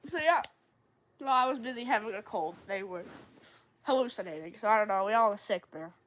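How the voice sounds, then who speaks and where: A young woman streamer rambling through a story while she plays a game, full of "like" fillers and sudden excited jumps in tone. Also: a little fast. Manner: animated, jumps into high excited tones. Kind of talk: casual storytelling while gaming.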